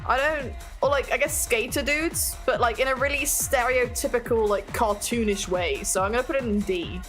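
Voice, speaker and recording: A British woman streaming a casual chat, talkative and quick to laugh at herself. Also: fairly high pitch, a bit bright. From Britain. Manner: chatty, giggly, self-mocking. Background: faint music playing.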